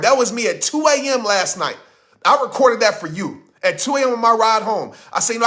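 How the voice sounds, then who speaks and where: A man's voice: high-pitched, bright, forceful tone. A man giving a blunt, impassioned motivational talk. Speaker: motivational speaker.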